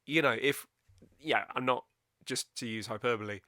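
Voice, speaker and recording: A young man with a light West Country accent, chatting loosely as a podcast co-host and rambling with plenty of fillers. His voice is bright and forceful, and the recording is close and dry. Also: medium pitch, moderate pace, no echo. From West Country of England. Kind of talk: casual chat.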